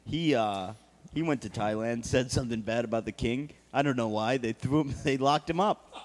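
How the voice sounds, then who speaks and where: A man's voice: medium pitch, normal speed. A man co-hosting a podcast, answering in a dry, straight-man way with casual jokes. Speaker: podcast co-host. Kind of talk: casual comedic chat.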